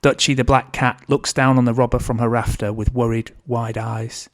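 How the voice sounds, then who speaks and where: An author reading his own novel aloud in a steady, measured narrating voice. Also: medium pitch.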